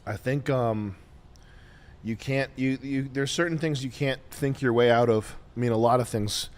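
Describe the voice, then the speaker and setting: A man hosting a casual podcast, ranting with lots of swearing, then settling into quieter musing. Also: mid-range voice, moderate pace. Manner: profane, emphatic, trailing into quiet musing. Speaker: show host.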